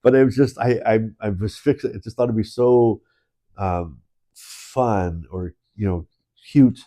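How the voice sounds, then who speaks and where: Chuckling and restarting often, this male co-host rambles casually in an indoor, in-person studio. His voice is on the low side and warm, and he takes an unhurried pace.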